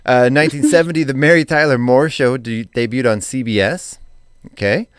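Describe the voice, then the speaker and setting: A man's voice: mid-range voice, fairly quick, clean tone, dry recording. A man co-hosting a morning radio show, reading daily items with chatty asides in a studio. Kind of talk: casual radio chat. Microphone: studio mic.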